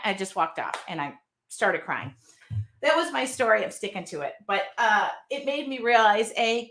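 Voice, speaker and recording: A woman in her fifties tells a story to her viewers in a loose, heartfelt way. Her voice is bright and pitched a little high, and she rambles through the tale with easy warmth. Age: 50s. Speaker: host. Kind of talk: casual chat storytelling.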